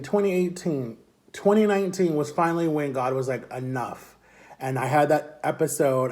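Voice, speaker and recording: A young man with a slightly high voice tells a long personal story straight to camera. He rambles, repeats phrases and acts out what others said with lively, casual energy. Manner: rambling, repetitive, animated retelling. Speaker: vlogger.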